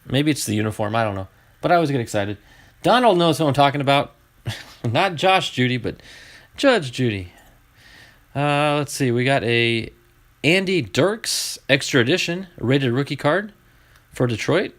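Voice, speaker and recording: A man opening packs of baseball cards on a live stream, chatting to viewers and getting excited over each find. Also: medium pitch, moderate pace, long pauses. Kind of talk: live card-opening chat.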